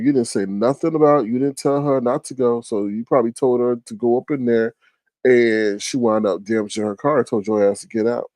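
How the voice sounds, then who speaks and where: Mellow-voiced man hosting a livestream. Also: mid-range voice, no room sound. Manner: chatty, teasing, greets chat viewers by name. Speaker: livestream host. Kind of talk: casual livestream commentary.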